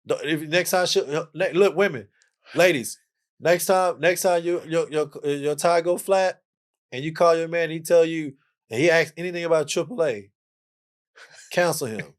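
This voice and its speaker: Playful preachy man, higher voice. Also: steady tone, normal speed. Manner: preachy, playful lecturing with frequent "okay?". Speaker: podcast guest, musician. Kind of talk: casual chat.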